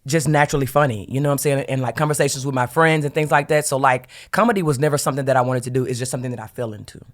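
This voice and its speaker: A woman's voice: a bass voice, very fast. A woman stand-up comedian from Alabama, a podcast guest talking in a laid-back, chatty way and laughing easily. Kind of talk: casual podcast chat.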